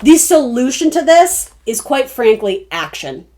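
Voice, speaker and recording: A fairly high-pitched young woman talks her way through a tarot reading for her viewers. Her delivery is loose and chatty, full of restarts and asides as she thinks aloud. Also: big pitch swings, a little slow, warm tone. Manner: rambling, chatty, self-interrupting. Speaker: tarot reader. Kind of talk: casual spoken tarot reading.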